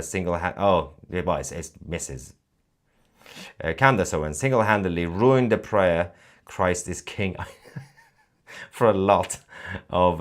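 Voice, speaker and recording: A man hosting a livestream, reading viewer comments aloud and joking between them with frequent laughs. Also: deep voice. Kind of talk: casual live-stream commentary.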